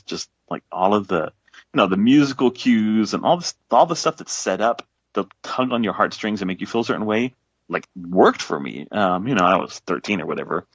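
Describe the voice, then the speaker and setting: A man in his forties with a deep, low voice talks through a casual podcast conversation. He rambles, restarts sentences and leans on fillers. The recording is dry and slightly dull. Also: dry recording. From south Texas. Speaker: guest author.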